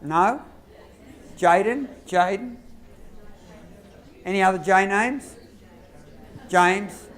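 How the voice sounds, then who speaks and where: A man with an Australian accent giving a lively workshop lecture to teachers, quizzing the audience and acting out classroom phrases. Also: sits high, drawn-out words, pauses often. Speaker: lecturer on behaviour management.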